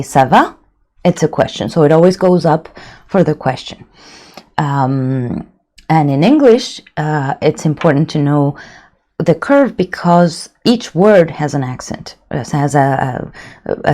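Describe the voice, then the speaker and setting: A woman's voice: deep voice, warm tone. A woman giving a casual video lesson on pronunciation, chatty, with many fillers and restarts. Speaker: language teacher.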